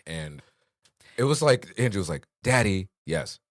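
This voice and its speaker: A man's voice: deep voice, very animated, moderate pace, dry recording, clean studio sound. A man co-hosting a podcast, telling stories in a laid-back, slangy way and acting out the voices of people he quotes. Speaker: podcast co-host. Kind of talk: casual chat.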